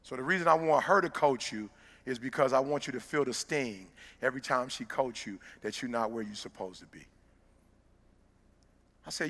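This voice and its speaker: A middle-aged man, giving a motivational speech that swings from hushed storytelling to loud exhortation. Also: mid-range voice, lively intonation, normal speed. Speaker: motivational speaker. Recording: long hall reverb.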